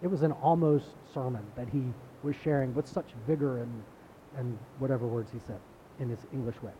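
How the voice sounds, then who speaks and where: A man's voice: medium pitch, fairly even intonation, a little fast, dark tone, lo-fi sound, slight background noise. A man giving a sermon as pastor, in a conversational preaching style that repeats words and builds emphasis.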